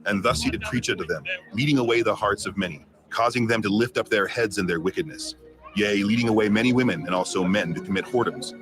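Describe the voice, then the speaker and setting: A man narrating scripture in a measured, solemn film voice-over. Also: fairly low pitch, over music, lightly acted, rough recording.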